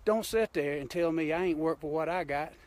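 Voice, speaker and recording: A man's voice: on the high side, fairly quick. Fired-up Georgia man ranting outdoors. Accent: Southern US, Georgia. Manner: fired-up, blunt, folksy. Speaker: hunting show host. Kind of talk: impassioned live-stream rant. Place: outdoors on a mountain.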